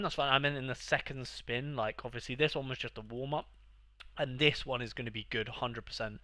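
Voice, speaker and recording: A man's voice: medium pitch, fairly bright tone, no echo, studio quality. A young man streaming live, rambling and sarcastically mocking himself as he chats. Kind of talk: live gaming stream chat.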